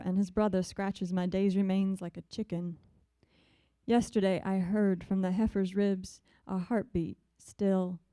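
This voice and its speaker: A woman's voice: mid-range voice, mellow, smooth, no room sound, close to an everyday voice. A woman voicing a bitter, weary butcher's wife in a Southern accent, reading in a raw, intense way. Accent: American Southern. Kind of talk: dramatic poetry reading.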